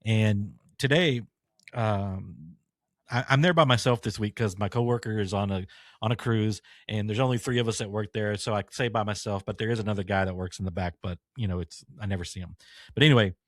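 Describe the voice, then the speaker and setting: A man's voice: lowish voice, a little fast, no echo, clean studio sound. Laughing man telling stories. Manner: laid-back storyteller, laughs a lot. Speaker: podcast co-host. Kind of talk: casual chat.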